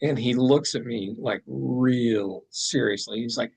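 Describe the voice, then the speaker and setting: A man, a podcast guest and artist, telling a story in a casual, animated way with plenty of fillers and asides. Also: mid-range voice, unhurried, creaky, few pauses, slightly rough, poor audio.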